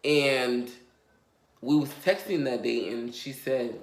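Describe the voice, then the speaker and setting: A man's voice: medium pitch, takes it slowly. A man vlogging a confessional story in a rambling, emotional way, full of fillers and swearing. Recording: roomy echo.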